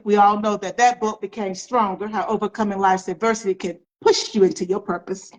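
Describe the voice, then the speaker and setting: A middle-aged woman, an author, recounts family stories during an interview, driving her points home by repeating phrases. Her pitch is medium, and the audio is poor.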